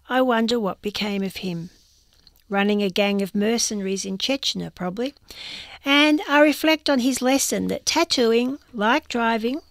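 A woman's voice: medium pitch, no echo. A woman reading a first-person magazine column aloud with a dry, wry storytelling delivery.

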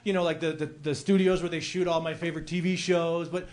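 A man's voice: fairly high pitch, little pitch movement, fast, darkish tone. A man in his forties from the Chicago area doing a rambling, self-deprecating stand-up set, laughing through his lines. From Chicago area, USA. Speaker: stand-up comedian. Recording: live club mic with crowd noise.

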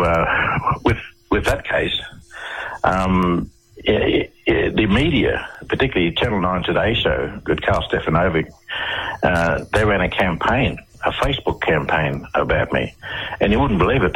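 Deep-voiced, husky Australian male guest, a rambling storyteller for radio talk. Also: lively intonation, normal speed, fairly bright tone, rough recording. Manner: long-winded storyteller, voices others in quotes. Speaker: interview guest. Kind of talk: radio interview, telling personal stories.

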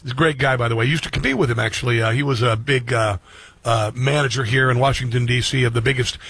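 A man's voice: medium pitch, fairly even intonation, fast talker, fairly bright tone, breathy edge, no echo. A middle-aged man hosting a radio and streaming show, speaking earnestly to his listeners and often repeating and restarting phrases. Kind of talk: reflective monologue to listeners.

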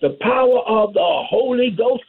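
A man's voice: very high-pitched, moderate pace, gravelly, husky, soft background music. A man preaching a fervent sermon, calling out amen and hallelujah as he goes. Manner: call-and-response preaching, repeats amen and hallelujah. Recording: tinny phone-line radio broadcast.

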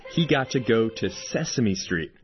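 Brief: male radio host, lowish voice, scripted narration, music bed underneath. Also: lively intonation, measured pace, muffled recording.

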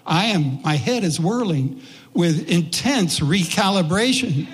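A man telling a personal story in a folksy, unhurried way, voicing the people in it. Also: fairly high pitch, lively intonation, husky. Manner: folksy, unhurried, with voiced quotes. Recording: long hall reverb.

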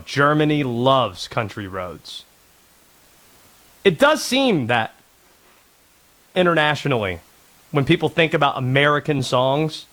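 A man's voice: mid-range voice, fairly bright tone. A man in his thirties hosting casual sports talk radio, sarcastic and rambling.

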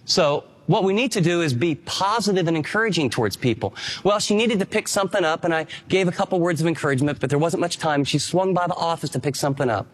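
A man's voice: a little high, expressive, quick pace. A pastor preaching a sermon in an earnest, emphatic way, mixing Bible reading with conversational asides to his congregation. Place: church sanctuary.

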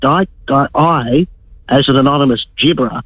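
A man's voice: medium pitch, a little fast, husky, dry recording. A man chatting on talk radio as a regular guest, his voice affected while he gets over an illness, rambling and repeating words. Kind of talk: casual talk radio chat. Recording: dull lo-fi line.

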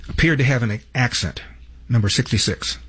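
Man, political commentary host, husky voice, emphatic, introduces clips. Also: mid-range voice, normal speed, a bit bright. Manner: emphatic, lists facts and numbered clips.

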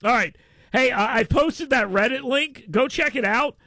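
A man's voice: very high-pitched, normal speed, dry recording, studio quality. A man hosting a talk radio show, telling stories in a casual, joking way. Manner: animated storytelling with laughs and mock voices.

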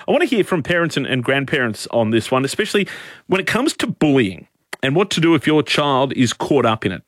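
A man's voice: medium pitch, no room sound, clean studio sound. A man with an Australian accent hosting a talkback radio program, emphatic and opinionated, pressing his points hard. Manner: forceful, emphatic, repeats points. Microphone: studio microphone.

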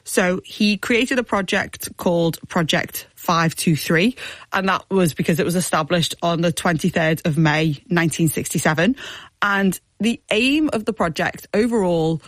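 A woman presenter narrating a scripted radio documentary in a clear, explanatory way. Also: lowish voice, moderate pace, no echo.

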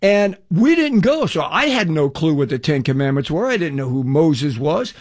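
An older man preaching a radio testimony in a high, lively voice that climbs and dips as he tells his story. He acts out every bit of dialogue, then turns and asks the listener questions directly. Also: normal speed. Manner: animated storyteller acting out dialogue. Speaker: evangelist.

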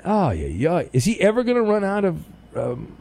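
A man hosting a call-in radio show in casual banter, animated and quick to joke, stammering when flustered. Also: sits high, creaky, dry recording.

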